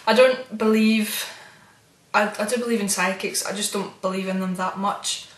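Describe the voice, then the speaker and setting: A woman's voice: medium pitch, steady tone, normal speed. A woman vlogging casually, telling a rambling, spooked story about her experiences. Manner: chatty, meandering, with soft spooked asides. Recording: roomy echo.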